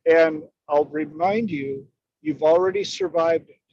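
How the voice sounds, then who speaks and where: Man, high and lively voice with a gravelly edge, unhurried, dull dry lo-fi audio. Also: dry recording. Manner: emphatic, expressive. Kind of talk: storytelling in conversation.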